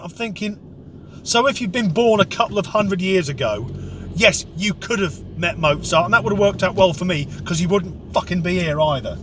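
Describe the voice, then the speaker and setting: A man's voice: high-pitched, normal speed, a little hiss or hum. A man telling a comic rant story, sweary, sarcastic and exasperated. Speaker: comedic vlogger.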